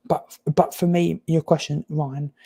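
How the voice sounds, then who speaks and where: A young man from England giving opinionated, animated takes in a casual football chat, often stumbling and restarting. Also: fairly high pitch, measured pace, creaky. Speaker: panelist.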